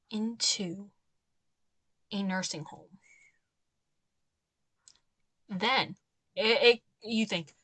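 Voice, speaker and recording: A young woman talks through a game in a casual, chatty way, breaking into exasperated rants now and then. Her voice sits at an ordinary middle pitch. The sound is dry and close, with no room echo. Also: fairly bright tone. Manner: chatty, exasperated ranting asides. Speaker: gameplay commentator. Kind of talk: casual let's-play commentary.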